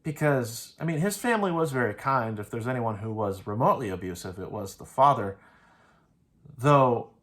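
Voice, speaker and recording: A man's voice: mid-range voice, lively intonation, normal speed, fairly bright tone. A man casually analyzing an anime episode, rambling through his retelling and peppering it with "like". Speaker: anime reviewer.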